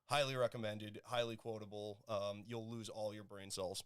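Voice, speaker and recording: A man's voice: fairly low pitch, level tone, normal speed, fairly bright tone, clear, resonant tone. A man co-hosting a casual podcast, chatting in a laid-back way and swearing casually. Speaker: guest co-host.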